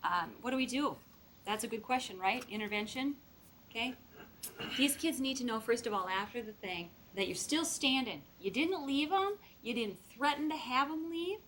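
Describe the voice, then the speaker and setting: A woman's voice: fairly high pitch, moderate pace, slight background noise. A middle-aged woman giving a lecture to foster parents and acting out the voices in the stories she quotes. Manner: lively, acts out quoted voices. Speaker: speaker training foster parents.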